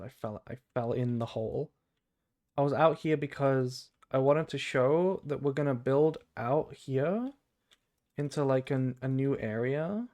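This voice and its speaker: A man's voice: medium pitch, a little mellow. A man with a British accent streaming a game, thinking aloud in rambling casual chat. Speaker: gaming streamer.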